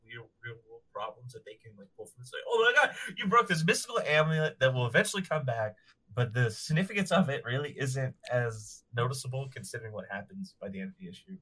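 Animated, laughing husky man. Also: mid-range voice, quick pace, low-quality recording. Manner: laughing often, animated retellings. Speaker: podcast co-host. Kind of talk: casual chat about comics.

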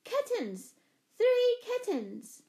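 A woman doing a squealing, excited little girl. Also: very high voice, drawn-out words, pitched above the performer's own voice, heavily acted. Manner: shouting, breathless excitement.

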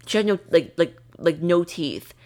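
A woman's voice: fairly low pitch, normal speed. A young woman co-hosting a podcast, chatting casually and telling spooky stories with lots of fillers. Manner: animated storytelling, lots of fillers. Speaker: podcast co-host. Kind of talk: casual chat.

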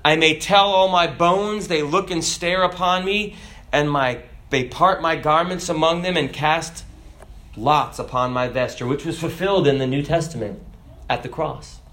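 Animated preacher with a slightly high voice. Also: male voice, moderate pace. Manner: animated preaching, rhetorical questions, reads scripture aloud. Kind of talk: sermon.

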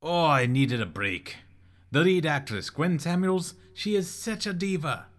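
A man's voice: a little high, lively intonation, a little slow, fairly bright tone. An actor playing a friendly, gossipy male makeup artist.

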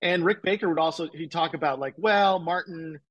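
A man with a somewhat higher, husky voice, chatting as a podcast guest. He rambles enthusiastically, stringing thoughts together with lots of fillers. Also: fast talker, fairly bright tone, dull audio. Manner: rambling, enthusiastic, many fillers like "like" and "you know". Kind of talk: casual chat.

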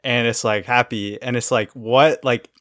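A podcast co-host casually recaps a cartoon episode, laughing often as he retells the scenes. His mid-range voice is fairly bright, with fairly even intonation and an unhurried pace, recorded dry with clean studio sound.

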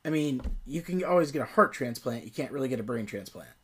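A man's voice: mid-range voice, animated, fast talker, fairly bright tone, slight background noise. A man co-hosting a casual movie-review podcast, playful and teasing as he jokes with his co-host.

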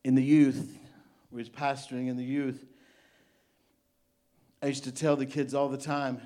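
A man's voice: mid-range voice, fairly even intonation, normal speed, pauses often, warm tone. A man preaching a midweek sermon as pastor, impassioned and emotional, with rising exclamations. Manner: emotional and tender-hearted.

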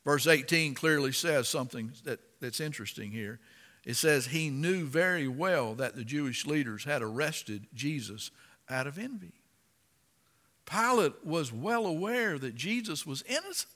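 A man preaching a sermon and reading scripture aloud, impassioned and dramatic, rising to loud emphasis. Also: fairly high pitch, expressive, measured pace, big-room sound.

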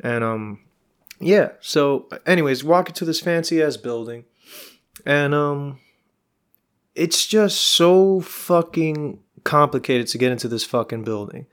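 Young New man, podcast host, swearing and exasperated, slightly high voice, casual ramble. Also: expressive, a little slow, a bit bright, clear, resonant tone. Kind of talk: casual storytelling rant.

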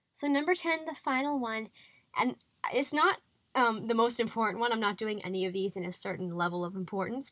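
A woman's voice: medium pitch, fairly bright tone, dry recording. Chatty young woman podcaster, dry sound. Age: young adult. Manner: chatty and encouraging, many fillers. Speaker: podcast host. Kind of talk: faith-based health podcast monologue.

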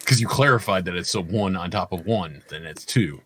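A man's voice: sits low, brisk, fairly bright tone, slight background noise. A man co-hosting a casual chat, blunt and swearing, laughing often. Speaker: podcast co-host.

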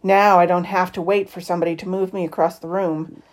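A woman reading a novel aloud in the first person, with expressive, lively shifts in tone. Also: fairly low pitch, brisk. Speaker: audiobook reader.

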